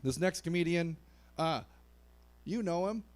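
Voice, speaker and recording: A man hosts an online comedy open mic, introducing acts in a loose, rambling way. His pitch swings widely, rising and dipping as he talks. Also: animated, a little slow. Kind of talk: casual live-stream hosting.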